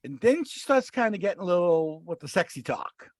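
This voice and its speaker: High-voiced man telling a story. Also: fairly quick, dry recording. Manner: animated, acts out quoted voices, many restarts. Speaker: podcast co-host. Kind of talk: casual storytelling chat.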